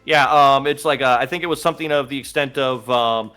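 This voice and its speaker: A man's voice: mid-range voice, fast, bright, forceful tone, clear, resonant tone, soft background music. A man co-hosting a casual talk podcast, rambling and laughing, with lots of fillers. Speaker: podcast co-host. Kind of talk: casual chat.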